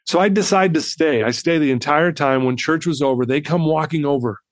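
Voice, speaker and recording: A man in his fifties, a podcast guest telling a personal story in an animated way and acting out the people in it. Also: fairly high pitch, brisk, dry recording.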